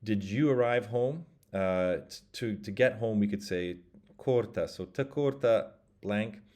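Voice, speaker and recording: Lower-voiced man teaching a language lesson. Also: a little mellow. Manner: explains step by step, models phrases slowly and leaves pauses for practice. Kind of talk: casual spoken language lesson.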